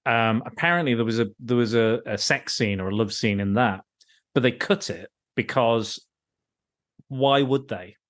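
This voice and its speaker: A man's voice: mid-range voice, normal speed. A man hosting a podcast, ranting casually about a film with lots of swearing and restarts. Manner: ranting, profane, with frequent restarts. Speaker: podcast host.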